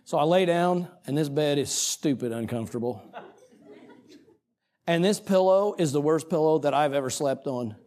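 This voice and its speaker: A middle-aged man preaching, telling a story about himself in an animated, self-mocking way with quoted asides. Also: on the high side, normal speed. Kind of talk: storytelling sermon.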